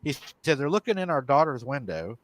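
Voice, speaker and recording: A man hosting a live paranormal show, retelling a viewer's encounter in an animated way and chuckling often. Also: medium pitch, fairly quick, dry recording.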